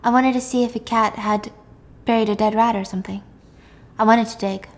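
A woman voicing a mother who sounds soft, puzzled and anxious. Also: a little high, steady tone, fairly quick, natural voice. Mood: uneasy. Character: uneasy young mother.

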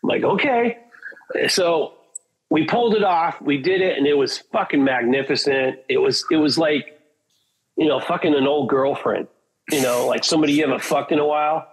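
Fairly quick and pitched on the high side, this man's slightly rough voice comes through a rough recording. He's a metal band singer from Portland, Oregon, rambling through profane stories in a casual chat and acting out what people said.

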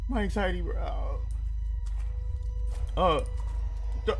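A man's voice: high-pitched, very animated, measured pace, long pauses, a bit bright, soft background music. A young man giving nervous, jittery let's-play commentary on a horror game, talking to himself with frequent yelps and nervous laughter. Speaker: gaming creator.

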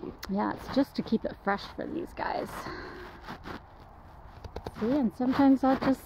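A woman's voice: measured pace, muffled recording, noisy background. A woman dog sitter talking to the camera on an outdoor trail walk, rambling and chatty. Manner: rambling, chatty, calls dogs in high excited voice. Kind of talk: casual walking vlog.

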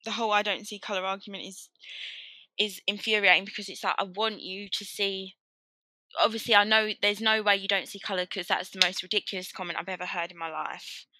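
A woman speaks frankly and with emphasis as a podcast guest, her voice bright and forward. The sound is close and dry, with no room around it. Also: mid-range voice, steady tone, fairly quick, no room sound. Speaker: podcast guest, writer and editor. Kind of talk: casual discussion.

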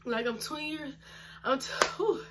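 A chatty young woman in her twenties vlogging straight to camera, her voice sitting a touch high. She talks casually and emphatically, leaning on fillers, and is a little short of breath from pregnancy. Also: fairly even intonation, normal speed, a bit bright, slight background noise. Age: 20s. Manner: chatty, emphatic, uses lots of fillers and laughs.

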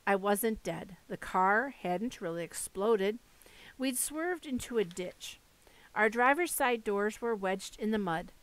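A woman narrating a first-person audiobook with steady storytelling. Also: medium pitch, dry recording.

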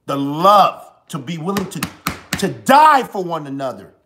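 A man in his forties with a fairly high voice delivers a fiery live-stream monologue from indoors. He preaches and repeats himself, sinking to near-murmurs before surging back with force. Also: sing-song, measured pace, noisy background. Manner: preachy, swings from hushed to forceful, repeats lines. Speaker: live show host.

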